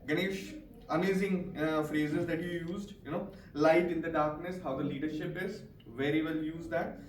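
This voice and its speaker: A man's voice: on the high side, fairly even intonation, normal speed, a little hiss or hum. A man giving encouraging feedback to a speaking club and leading a speech drill, with frequent "right?" tags. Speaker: language evaluator at a speaking club. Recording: echoey room, distant mic.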